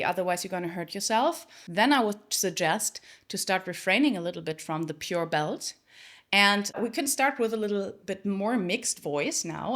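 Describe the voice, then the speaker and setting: A woman vocal coach teaching a singing lesson. She explains in plain terms and then belts short phrases loud and high. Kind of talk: singing lesson with sung demonstrations.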